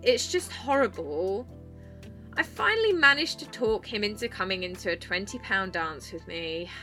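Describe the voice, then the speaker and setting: A woman's voice: medium pitch, lively intonation, moderate pace, bright, forceful tone, faint music behind. A young woman hosting her own podcast, telling club stories in a chirpy, bubbly way with plenty of swearing. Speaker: podcast host and club dancer. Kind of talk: casual storytelling monologue.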